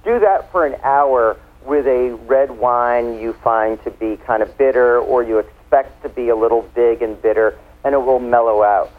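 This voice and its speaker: A man's voice: mid-range voice, moderate pace, hardly any pauses. Chatty man on a tinny phone line. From United States. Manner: chatty, explanatory, playful. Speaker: wine expert guest. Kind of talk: casual radio interview.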